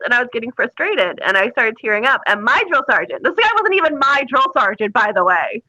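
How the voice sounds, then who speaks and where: A woman's voice: a little high, fast talker, few pauses, dull audio. A woman guest telling crude, funny stories in a casual interview, laughing as she goes. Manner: animated, laughing, crude humor.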